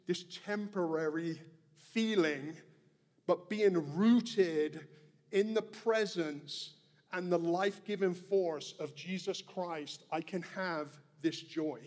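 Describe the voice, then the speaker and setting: A man's voice: high-pitched, slow, darkish tone. A male pastor preaching a sermon in a church, earnest and emphatic, repeating his key phrases. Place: church sanctuary. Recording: long hall reverb.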